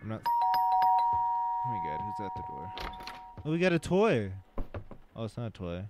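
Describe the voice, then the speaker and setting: A man hosting a gaming channel, talking casually through a horror game with loud jumpy reactions and jokes. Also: fairly low pitch, huge pitch swings, normal speed, over loud music.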